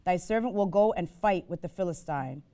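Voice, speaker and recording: A woman teaches the Bible to a live group, chatty and prone to digressive stories, regularly putting questions to her listeners. Her voice is on the low side and warm, at a moderate pace.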